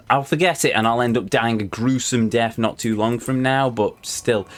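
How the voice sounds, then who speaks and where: A man with a medium-pitched voice hosts a let's play at a measured pace, giving casual gameplay commentary. He talks through the game in a playful, gushing way.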